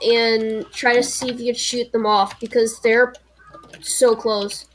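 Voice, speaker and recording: A woman with a slightly high voice chats over game voice chat, talkative and easily startled. Faint background noise runs under her voice. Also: flat delivery, measured pace. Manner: jumpy, chatty. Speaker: gamer on voice chat.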